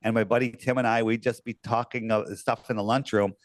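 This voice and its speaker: A man's voice: mid-range voice, steady tone, brisk, no echo. A man telling his story as a podcast guest, rambling with lots of fillers and restarts. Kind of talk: casual storytelling.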